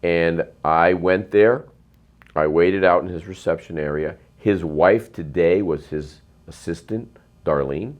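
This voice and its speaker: Middle-aged man, very low voice, emphatic rambling storyteller. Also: measured pace, muffled recording. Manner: rambling, emphatic, frequent ums and uhs. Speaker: real estate investor, guest. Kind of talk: storytelling interview.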